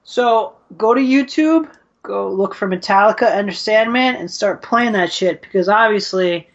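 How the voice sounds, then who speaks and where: Excitable New York co-host, fast casual banter, slightly muffled mic. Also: male voice, high-pitched. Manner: quick, excitable, profane. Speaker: podcast co-host. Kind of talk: casual chat. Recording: slightly dull lo-fi sound.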